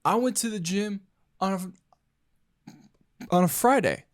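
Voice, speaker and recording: A young man chatting alone on his podcast, jokey and loose with plenty of "dude." His pitch moves around a lot as he talks. The sound is dry and close, as if recorded in a small room. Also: lively intonation, measured pace, no room sound. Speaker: podcast host. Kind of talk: casual solo podcast chat.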